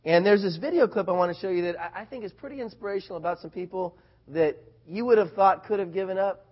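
A man preaching from the pulpit, his voice pitched high as he tells a story. He turns animated and loud at the exciting parts. The recording sounds dull and lo-fi. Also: fast, breathy edge. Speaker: pastor. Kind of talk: sermon with personal story.

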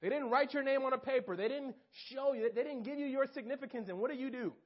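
A young man preaching an informal sermon, animated and talking straight to his listeners. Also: very high-pitched, quick pace. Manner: animated, talks straight to listeners, acts out quotes. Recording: dull lo-fi recording.

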